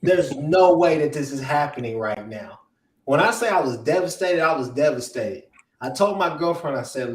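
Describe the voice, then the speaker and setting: A man ranting as an upset sports fan co-host, swinging from hushed hurt to loud outbursts. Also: mid-range voice, normal speed, roomy sound, distant mic, poor audio. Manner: animated venting, swings from hushed to yelling. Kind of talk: emotional sports fan rant.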